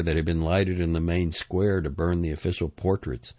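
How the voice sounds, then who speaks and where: Deep-voiced man reading literary prose. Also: steady tone, a little mellow, dry recording. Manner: measured, grave reading with small restarts on long words. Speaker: reader. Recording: dull, slightly lo-fi dry recording.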